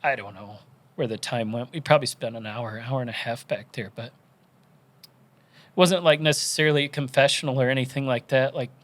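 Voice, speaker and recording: A man on a podcast telling his conversion story in an earnest, animated way, moved to tears. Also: mid-range voice, a little fast. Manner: earnest, animated storytelling with quoted inner voices. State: tearful, crying. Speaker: podcast guest.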